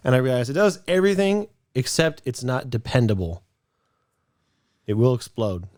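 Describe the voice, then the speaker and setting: A man's voice: mid-range voice, very animated, normal speed, darkish tone, no echo, clean studio sound. A man in his late twenties co-hosting a podcast, telling a rambling story in casual chat, with lots of restarts. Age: late 20s. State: a bit out of breath. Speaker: podcast co-host.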